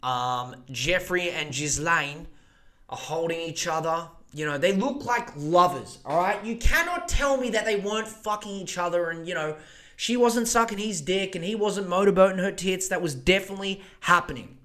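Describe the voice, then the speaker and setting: A podcast host talking on his own in a loose, profane rant with frequent asides. His voice sits high for a man and sounds bright and forward. He jumps from one thought to the next without pausing much. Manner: crude, profane, rambling asides. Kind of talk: casual solo podcast rant.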